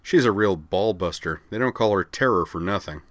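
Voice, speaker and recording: A man's voice: low voice, expressive, brisk, no room sound. A man reading an audiobook, voicing a brash, joking young male pilot who speaks frankly.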